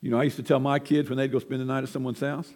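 A man's voice: mid-range voice, flat delivery, racing, a little mellow, big-room sound. An older man preaching a sermon, telling folksy, self-deprecating family stories from the pulpit in a church. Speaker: pastor. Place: church sanctuary.

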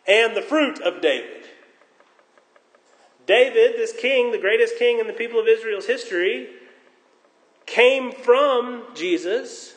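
Animated preacher with a high voice. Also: male voice. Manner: animated, swinging from loud emphasis to hushed tones; jokes at his own expense. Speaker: pastor. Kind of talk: sermon. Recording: long reverb in a large hall.

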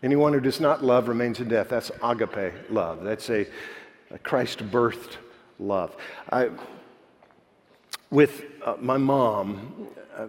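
A man preaching a sermon, moving between animated preaching and soft, quiet storytelling. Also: medium pitch. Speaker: pastor. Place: church sanctuary. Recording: long hall reverb.

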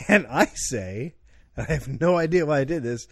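A man's voice: on the high side, expressive, normal speed, no echo, studio quality. A man co-hosting a casual podcast, telling a story about himself and laughing at his own behavior. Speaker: podcast co-host. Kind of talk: casual chat.

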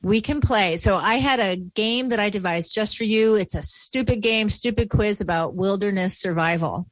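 A woman's voice: medium pitch, normal speed, dry recording. A woman with a Western New York accent hosting a podcast, chatting and joking casually with her guest. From Buffalo, New York. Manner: chatty and upbeat, running playful games. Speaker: podcast host. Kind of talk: casual conversational interview.

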